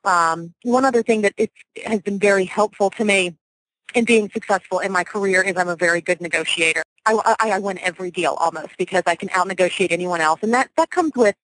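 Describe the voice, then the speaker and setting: A woman's voice: medium pitch, brisk, a bit bright, dry recording, poor audio. A woman in her forties from Louisiana, a real estate broker, talking confidently and energetically as a guest in a radio interview.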